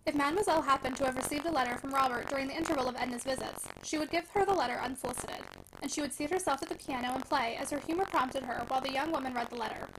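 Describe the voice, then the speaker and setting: A woman podcast host reading a classic novel aloud in a brisk, lively manner, on a recording with static. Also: high-pitched. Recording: heavy static hiss.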